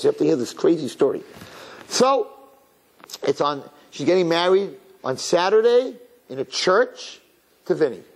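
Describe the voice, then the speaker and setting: A man giving a sermon as a rabbi, telling a story in an animated, dramatic, conversational way. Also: on the high side, rough recording.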